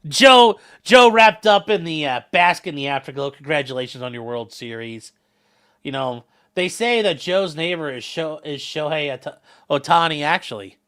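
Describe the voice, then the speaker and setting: His voice has a fairly high pitch and a fairly bright tone, at a normal pace. He's hosting a livestream, reading the chat and riffing on it with rambling, joking, casual banter.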